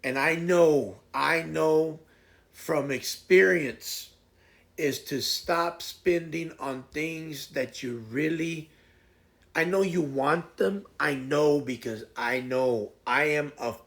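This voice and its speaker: Host, male, very gravelly fry, pitched a bit high, loose rambling storyteller. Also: takes it slowly, fairly bright tone. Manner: rambling, folksy, retells stories with voiced quotes. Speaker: live streamer host. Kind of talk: casual morning chat and storytelling.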